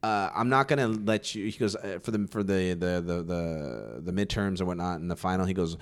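A man's voice: sits low, brisk. A young man from California chatting casually, rambling and swearing, with lots of fillers and restarts. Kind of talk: casual chat.

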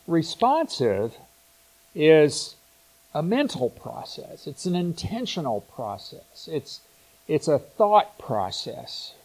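A man preaching a sermon in a slow, reflective way, pausing and restarting his phrases as he thinks aloud. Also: on the high side, darkish tone, poor audio.

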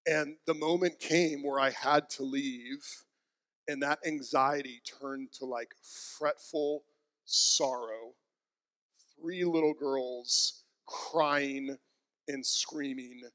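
A man's voice: fairly high pitch, unhurried, fairly bright tone, long reverb tail. A man in his thirties, a pastor preaching a sermon, telling a heartfelt personal story and acting out quotes. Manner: storytelling, emotional, acts out quotes.

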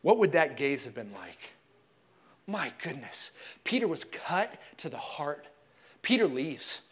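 A man preaching a sermon in a church, telling the story expressively and dropping to hushed tones for emphasis. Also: on the high side. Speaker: pastor.

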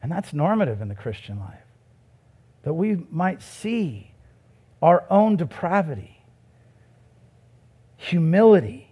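A man's voice: fairly high pitch, big pitch swings, takes it slowly, pauses often, slightly rough, narrow, tinny audio. A man who is a pastor, preaching a sermon in a conversational way that builds to emphatic, raised passages.

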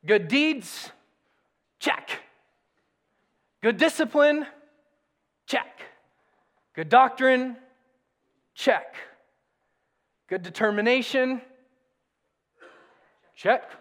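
Pastor, male, lively conversational sermon, light high voice, church-hall reverb. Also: takes it slowly, long pauses. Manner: animated, conversational preaching with emphatic repetition.

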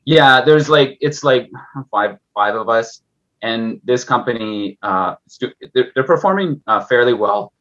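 A man's voice: mid-range voice, animated, a little slow, fairly bright tone, lo-fi sound. A man talking as a guest on a casual investing podcast, rambling and restarting with many fillers.

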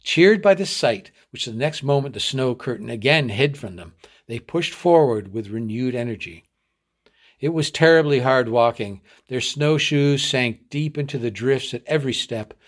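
A man from a readers' theatre reading a short story aloud in a measured storytelling voice. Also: mid-range voice.

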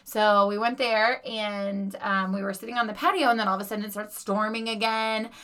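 A woman principal co-hosts a podcast and tells stories in a chatty, lively way. Her voice is bright and forward. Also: medium pitch, brisk. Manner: chatty and animated, many "like" fillers. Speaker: elementary principal, podcast co-host. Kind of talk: casual chat and storytelling.

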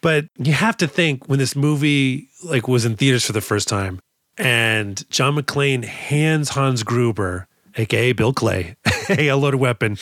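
A man co-hosting a movie podcast, talking fast and swearing, excitable and full of mock impressions. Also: medium pitch, dry recording, studio quality. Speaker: podcast co-host.

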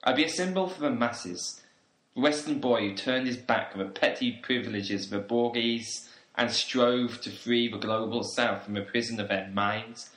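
A man's voice: mid-range voice, normal speed, a bit bright, reverberant, close to an everyday voice, low-quality recording. A man playing a pompous young male revolutionary. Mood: smug. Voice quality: pompous, speechifying. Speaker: student activist on a volunteer trip.

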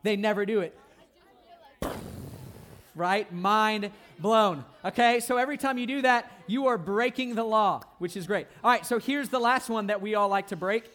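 A young man leads a youth sermon in a playful, animated way. His voice sits high for a man. He keeps checking in with the crowd as he talks. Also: moderate pace. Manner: animated, playful, asks the crowd "right?" often. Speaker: youth pastor.

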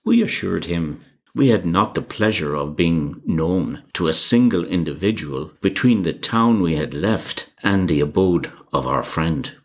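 A man narrating an old travel story in a measured, formal reading. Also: low voice, animated.

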